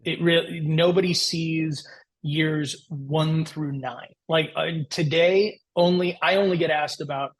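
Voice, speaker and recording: A man in his forties, a podcast guest, telling his career story in a lively, anecdotal way and acting out the voices he quotes. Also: on the high side, measured pace, rough recording. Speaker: guest entrepreneur.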